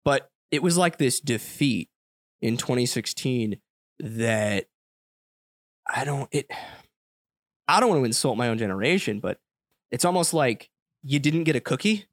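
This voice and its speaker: A young man from the United States speaks as a podcast guest, blunt and animated, swearing casually as he tells stories. His voice sits mid-range and the sound is dry. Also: mid-range voice, measured pace, pauses often, dry recording. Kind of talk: casual conversation.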